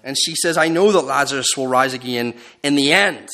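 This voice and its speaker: A man preaching a sermon. He speaks expressively, dropping low and soft for quoted lines and rising for emphasis. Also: brisk.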